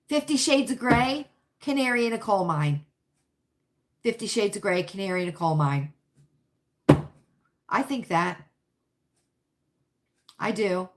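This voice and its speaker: A woman's voice: medium pitch, noisy background. A woman hosting a casual livestream, chatting and answering viewer comments in an emphatic, repetitive, opinionated way. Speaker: livestream host.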